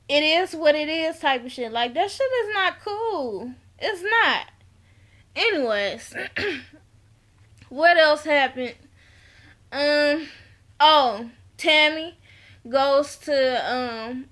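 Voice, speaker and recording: A woman's voice: high voice, fairly bright tone. A woman recapping a reality TV episode in a casual vlog, blunt and slangy, laughing often. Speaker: reality TV reviewer.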